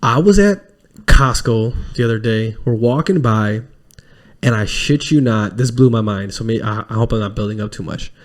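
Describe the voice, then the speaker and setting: A man hosting a podcast in casual chat, rambling with quick restarts and plenty of swearing. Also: on the low side. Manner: mimics film lines in lively put-on voices. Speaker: podcast host.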